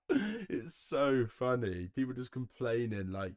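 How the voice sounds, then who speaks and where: A man's voice: on the low side, moderate pace, dry recording, studio quality. A young man from Herefordshire in England, hosting a solo podcast in a casual, jokey way, swearing and laughing often. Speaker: podcast host. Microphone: home recording setup.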